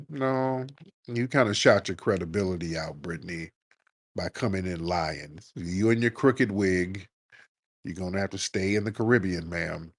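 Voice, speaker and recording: A man's voice: deep voice, no echo. Blunt, mocking man hosting a call-in show. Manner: blunt, mocking, brushes off callers. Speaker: host.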